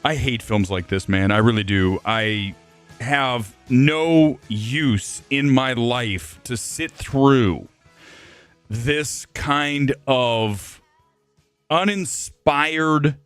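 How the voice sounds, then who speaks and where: A man's voice: medium pitch, extremely slow, a bit bright, clean tone, faint music behind. A man hosting a live movie review stream, ranting furiously and swearing about a film. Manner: furious, swearing, exaggerated outbursts.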